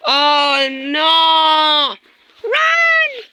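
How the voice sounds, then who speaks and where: High excitable woman voicing plush toys. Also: extremely slow, noisy background. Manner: screaming and gasping dramatically. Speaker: plush toy video narrator. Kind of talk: voicing a plush toy skit.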